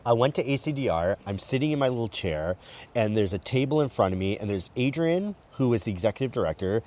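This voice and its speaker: A man's voice: mid-range voice, fast. A man as a guest, frankly telling his story while walking outdoors at night. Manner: animated and frank, acts out quotes. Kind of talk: candid personal storytelling. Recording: distant mic, faint outdoor noise.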